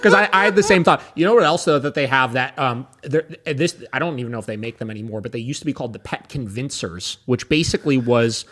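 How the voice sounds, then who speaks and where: Animated, profane guest in podcast chat. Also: male voice, medium pitch. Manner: animated, quick agreement, swears, laughs often. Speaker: podcast guest, dog trainer.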